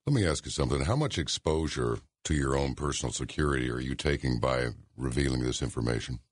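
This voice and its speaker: A man's voice: rumbling low, expressive, quick pace, no room sound. A male radio host asking a guest probing, direct questions. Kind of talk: radio interview.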